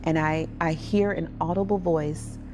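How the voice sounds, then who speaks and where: A woman earnestly telling her own story as a survivor advocate, with restarts, over soft music. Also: low voice, fairly even intonation, unhurried. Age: adult parent. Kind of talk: personal testimony.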